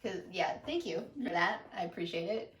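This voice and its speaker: A young woman, co-host and daughter, chatting in an animated, goofy way and acting out her own thoughts. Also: lowish voice, moderate pace, a little hiss or hum. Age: young adult. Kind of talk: casual conversation. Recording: roomy, distant from the mic.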